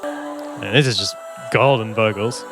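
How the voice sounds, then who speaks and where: A songwriter reacts to an album in a chatty, excited way, breaking into hums and scatted melodies, with music playing underneath. He speaks unhurriedly in a fairly low, creaky voice.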